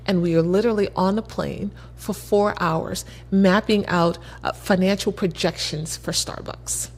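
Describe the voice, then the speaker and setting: A woman from Baltimore, a guest entrepreneur, telling a story in an animated way and laughing as she acts out the dialogue. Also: medium pitch, measured pace, hardly any pauses. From Baltimore, USA. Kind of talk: casual storytelling.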